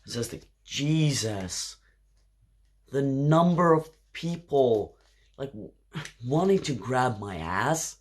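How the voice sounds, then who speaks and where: Slow, rambling tipsy man with a cough. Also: mid-range voice, lively intonation. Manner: rambling, with filler words and restarts. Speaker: drag performer vlogging. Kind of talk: tipsy storytelling monologue. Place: home, indoors.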